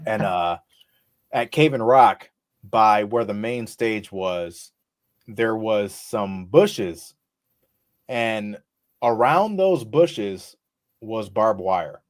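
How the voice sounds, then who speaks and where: A man co-hosting a casual podcast, telling a rowdy story with lots of swearing and laughter, and loudly acting out the other people's lines. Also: fairly low pitch, takes it slowly, pauses often. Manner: profane, laughing, acts out quotes loudly. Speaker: podcast co-host. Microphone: podcast mic.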